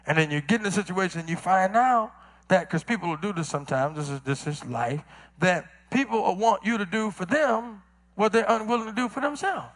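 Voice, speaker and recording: High, bright-voiced Southern preacher. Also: male voice, expressive, a little fast. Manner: preaching with sudden shouts and drops to quiet asides; acts out other people's words in quoted voices. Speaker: pastor. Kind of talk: sermon.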